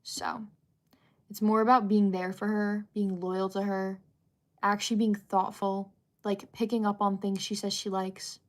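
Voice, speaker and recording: Medium in pitch and unhurried, her voice has little pitch movement. The young woman hosting this livestream keeps things casual, reading viewer comments aloud with giggly asides and plenty of fillers.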